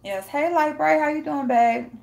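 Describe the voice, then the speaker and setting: A woman's voice: high-pitched, moderate pace, creaky, a little mellow. A woman hosting a casual live stream, reading chat and greeting viewers by name, blunt and profane with frequent laughter.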